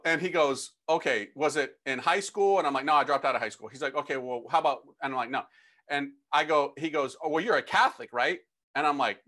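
A middle-aged man, a priest, telling his conversion story as a lively, slangy testimony talk and acting out the dialogue. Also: a little high, brisk.

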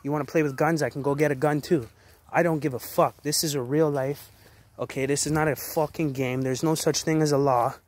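A man in his twenties delivers an angry, profane rant to his viewers, talking in hard, rapid-fire declarations. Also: fairly high pitch, fairly even intonation. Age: 20s. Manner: aggressive, heavy swearing, rapid-fire declarations. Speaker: vlogger. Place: outdoors in a forest.

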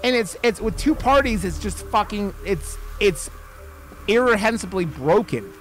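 Male streamer, high voice, furious swearing rant at chat, faint game music underneath. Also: expressive, unhurried, a bit bright. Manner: heavy swearing, restarts mid-sentence, addresses chat viewers. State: angry. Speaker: streamer playing a video game. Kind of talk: heated live-stream rant.

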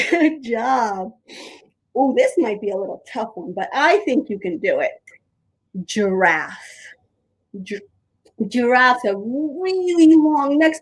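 A young woman leading a creative drama warm-up for small children, animated and sing-song, with playful animal noises. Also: high voice, slightly rough, rough recording.

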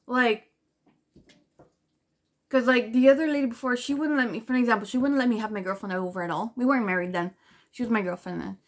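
A woman with a fairly high-pitched voice tells a story straight to her camera in a loose, rambling way. She swears freely and leans on "like" fillers. She sounds animated and indignant as she goes. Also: fast talker, pauses often. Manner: rambling and profane, full of "like" fillers; animated and indignant while retelling. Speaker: vlogger.

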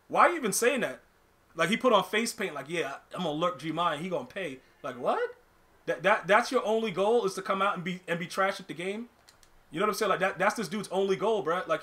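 A young man doing live gameplay commentary as a streamer, ranting in an animated, slangy way and often restarting his words. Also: high-pitched. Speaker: gaming streamer.

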